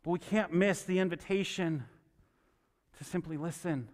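Here a man preaches and reads scripture in a high voice at a moderate pace. He talks casually, regularly asking listeners "right?" to keep them engaged, all captured with long hall reverb.

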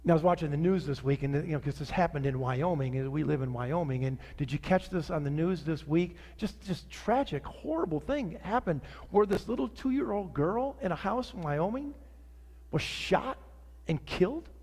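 High-voiced preaching man in a reverberant hall. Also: normal speed. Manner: animated preaching, rising to outrage then dropping soft. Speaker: pastor. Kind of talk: sermon.

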